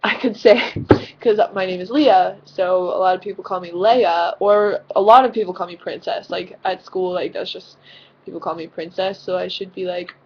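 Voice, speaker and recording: A woman's voice: on the low side, steady tone, normal speed, slightly rough, muffled recording. A teenage girl vlogging casually from her bedroom, rambling with lots of fillers and giggles. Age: teens. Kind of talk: casual vlog chat. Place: own bedroom.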